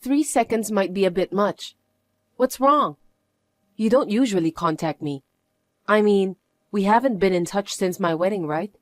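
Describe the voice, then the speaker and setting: A woman voicing a reserved young married woman who answers in a flat, curt, unimpressed way. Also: mid-range voice, measured pace, dry recording, close to an everyday voice. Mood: annoyed. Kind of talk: dramatized story acting.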